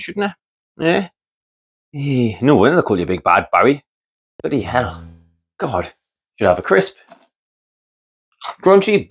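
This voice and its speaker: A man's voice: fairly high pitch, gravelly, highs cut off. A Geordie man from North East England, a builder vlogger giving a jokey, mock-dramatic monologue to camera, teasing and swearing casually.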